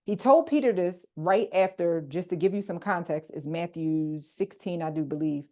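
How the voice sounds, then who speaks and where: Animated woman coaching a group call. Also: on the low side, moderate pace. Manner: animated, talks to the group directly with slang. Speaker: coach leading a group workshop. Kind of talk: casual teaching on a video call. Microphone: video call.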